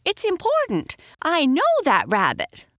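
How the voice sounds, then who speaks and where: Woman doing a squeaky bossy storybook girl, loud and demanding, lots of swing in her voice. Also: huge pitch swings, fairly quick, gravelly, dry recording, studio quality, exaggerated voice. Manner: demanding, shrill. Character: bossy young girl in a blue dress.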